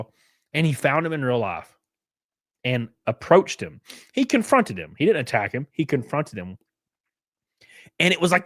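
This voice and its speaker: A man's voice: mid-range voice, dry recording, clean studio sound. A young man hosting a livestream, commenting casually, swearing freely, laughing often and thanking donors by name. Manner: animated, profane, laughs often. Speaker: livestream host.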